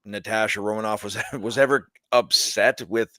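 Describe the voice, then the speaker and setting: A young man co-hosting a casual pop-culture podcast, animated and laughing often as he argues about comics. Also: fairly low pitch, moderate pace, no echo. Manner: animated, laughs often, quotes characters in put-on voices. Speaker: podcast co-host.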